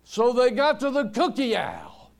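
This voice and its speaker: Preaching a sermon, this pastor has a very high, creaky voice with huge swings in pitch. He leans on storytelling and stretches his words out slowly to stress them.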